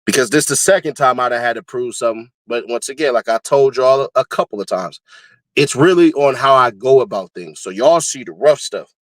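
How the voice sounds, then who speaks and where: A man hosting casual commentary, talking animatedly and laughing often, now and then breaking into high-pitched screaming bits. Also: a little fast, no echo. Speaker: commentary host.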